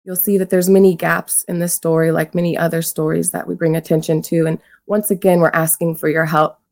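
Low gravelly woman hosting a show. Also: little pitch movement, a little fast, a little mellow. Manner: earnest, urging listeners to act. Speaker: podcast host. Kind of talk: scripted show introduction.

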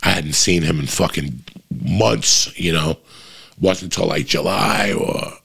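Middle-aged man, very low and husky, casual foul-mouthed monologue. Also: slow, a bit bright. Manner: profane, rambling, frequent restarts.

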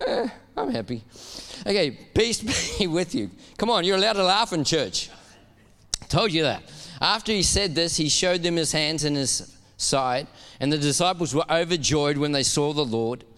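Man, pastor, lively sermon, high voice, smooth and resonant, long hall reverb. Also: moderate pace, long pauses. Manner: animated, laughing, urging the congregation to respond. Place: church.

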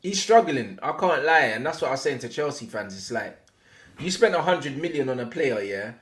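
A man's voice: medium pitch, animated, normal speed, fairly bright tone. A young man with a London accent, co-hosting a football podcast, giving blunt opinions in slang. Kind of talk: casual chat.

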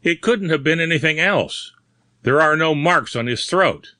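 A man's voice: fairly high pitch, lively intonation, unhurried, bright, forceful tone, dry recording, voice pushed up. A man voicing a puzzled, brusque middle-aged doctor in a storybook reading. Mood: alarmed.

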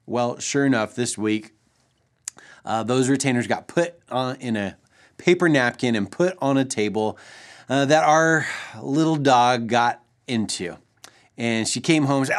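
A man in his thirties, a pastor, telling a family story in an earnest, gentle way for a short devotional. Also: medium pitch, a little slow.

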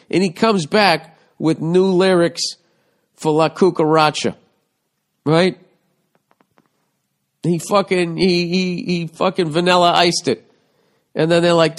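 A man's voice: a little high, steady tone, a little slow, pauses often. Blunt, profane man ranting. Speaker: podcast host giving advice. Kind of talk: casual comedic monologue, reading a listener's letter.

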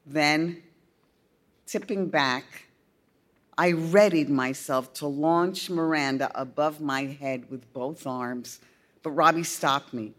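A woman narrating a first-person story in a slow, deliberate storytelling manner. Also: low-pitched. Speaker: audiobook reader.

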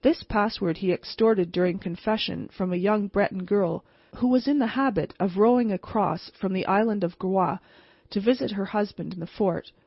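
A woman reading a ghost story aloud in a steady, measured way. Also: medium pitch, slightly rough, no echo. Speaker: audiobook reader. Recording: slightly muffled, dry recording.

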